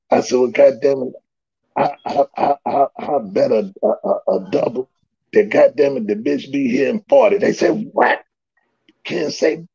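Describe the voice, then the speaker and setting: A man telling a story in casual talk, animated, swearing, often laughing and acting out what people said. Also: high-pitched, measured pace, creaky, breathy edge. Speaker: storyteller guest. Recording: dull lo-fi recording.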